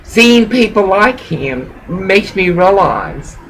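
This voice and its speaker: A high, gravelly-voiced man preaching in a slow, rambling rant. He swears freely as he lectures a listener. A faint hum sits behind him. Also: big pitch swings, a bit bright, poor audio. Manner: rambling, profane, lecturing someone directly. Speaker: pastor.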